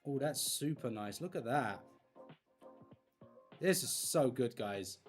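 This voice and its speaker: Super excited streamer chatting while colouring, voice bouncing all over, soft music underneath. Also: mid-range voice, takes it slowly. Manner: excitable and gushing, talking to chat. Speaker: livestream host and colouring content creator. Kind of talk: casual livestream chat while colouring.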